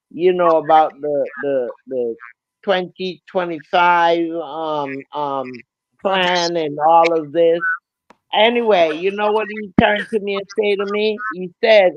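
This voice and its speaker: A woman's voice: lowish voice, moderate pace, no echo, highs cut off. A woman calling in to a radio show, telling a rambling story with many "you know"s and "um"s. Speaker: caller.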